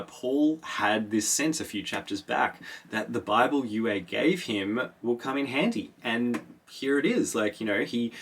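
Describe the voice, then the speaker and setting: A man's voice: on the low side, a bit bright, breathy edge. A man hosting a podcast, recapping a book in a casual, rambling way, swearing and acting out the characters' reactions. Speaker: podcast host.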